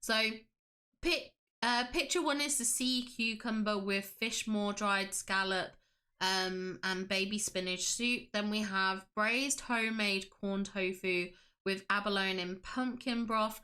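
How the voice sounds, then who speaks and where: Woman, livestream host, bright tone, gushing, chatty. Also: mid-range voice, takes it slowly. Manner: gushing, enthusiastic, reads chat aloud. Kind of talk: casual livestream commentary.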